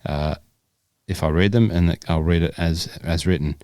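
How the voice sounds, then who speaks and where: A man's voice: sits low, moderate pace, mellow, smooth, no room sound, studio quality. A man co-hosting a casual podcast, joking around and stumbling as he reads questions aloud. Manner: jokey, stumbles and restarts when reading aloud. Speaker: podcast co-host.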